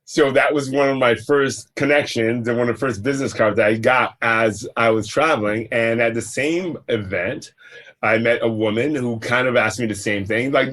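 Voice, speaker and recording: A man in his fifties, from Massachusetts, telling his career story in a relaxed, conversational interview, with fillers and restarts. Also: medium pitch. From Massachusetts, USA. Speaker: entrepreneur guest.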